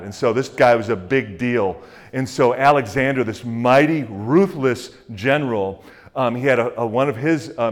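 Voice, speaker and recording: Male pastor, mid-pitched voice, casual sermon delivery, talks it out with fillers, prays softly. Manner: conversational preaching with fillers and acted-out quotes; drops to a hushed, soft voice in prayer.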